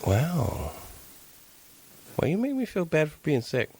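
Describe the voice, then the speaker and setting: Teasing man with lively pitch. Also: a little slow, a little hiss or hum. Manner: teasing, deadpan jokes, swears. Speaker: podcast co-host. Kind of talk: casual banter.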